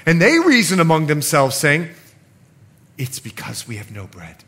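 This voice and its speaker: Preaching with energy, this middle-aged man alternates booming lines with softer moments and performs the scriptural voices himself. His voice leans high and his pace is normal.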